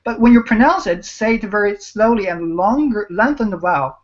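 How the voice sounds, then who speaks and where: A woman's voice: mid-range voice, expressive, brisk. Patient woman coaching tones, lo-fi call. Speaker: Chinese teacher. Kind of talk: online language mini-lesson. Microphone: video call. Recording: dull lo-fi video call audio.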